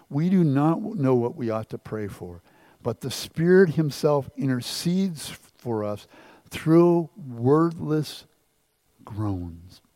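A middle-aged man preaching a sermon from the pulpit, impassioned, dropping to near whispers and then rising to loud exclamations. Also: mid-range voice, no echo. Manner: impassioned, swings from hushed to loud. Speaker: pastor. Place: church.

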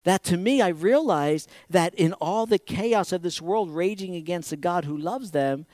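A man's voice: sits high, moderate pace, a little mellow, no room sound, studio quality. A middle-aged man preaching a sermon, acting out quotes with big swings in volume. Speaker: pastor.

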